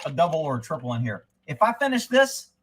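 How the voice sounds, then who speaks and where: Man, high voice, profane, rambling livestream rant. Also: sing-song, fast talker, fairly bright tone, a little hiss or hum, low-quality recording. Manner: folksy, profane, rambling, with drinking asides. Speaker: livestream host. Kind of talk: casual political rant.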